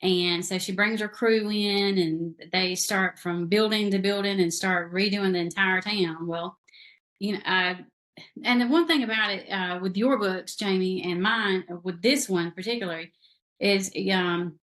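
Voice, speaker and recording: A woman's voice: mid-range voice, fairly even intonation, measured pace, a bit bright. Chatty Southern woman author. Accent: Southern American. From South Carolina. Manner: chatty storyteller, many fillers. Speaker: author guest. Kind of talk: casual interview chat.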